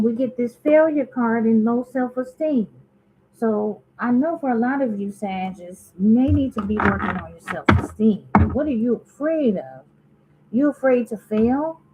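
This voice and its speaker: A woman's voice: on the high side, warm tone, a little hiss or hum, rough recording. A woman giving a casual tarot reading to her viewers, talking straight to them and musing aloud as she asks spirit questions. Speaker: tarot reader.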